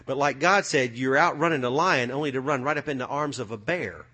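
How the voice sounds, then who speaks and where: A man preaching a sermon, swinging from loud, fiery passages to low, muttered asides. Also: brisk, slightly rough.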